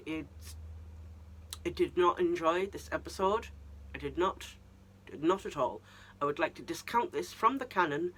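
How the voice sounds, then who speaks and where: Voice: mid-range voice, fairly bright tone. A vlogger giving a casual review monologue of a TV season, ranting and incredulous, with many restarts.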